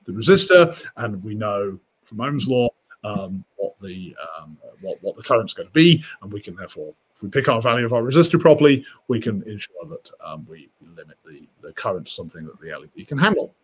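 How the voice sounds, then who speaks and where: A man's voice: lowish voice, very animated, a little fast, breathy edge. A man explaining electronics as a guest on a live stream, thinking aloud with many fillers and restarts. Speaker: guest engineer.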